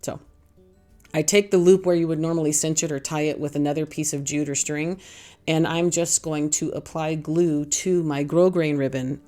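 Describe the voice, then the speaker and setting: A middle-aged woman with a notably low voice narrates a craft tutorial over faint background music. She rambles cheerfully through her steps and pokes fun at herself as she goes. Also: mellow. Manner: chatty, rambling, self-deprecating. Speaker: craft channel host.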